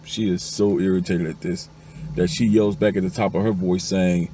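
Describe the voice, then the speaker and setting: Telling a string of jokes at normal speed, a very deep-voiced man speaks in a mellow, dark tone with fairly even intonation. He plays the husbands, wives and doctors, going up to a high pitch for the women. Faint hiss runs underneath.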